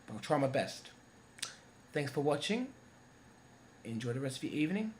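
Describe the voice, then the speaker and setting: A young man giving a casual, rambling movie review on his vlog, excitable and swearing freely. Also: mid-range voice, normal speed, slight background noise.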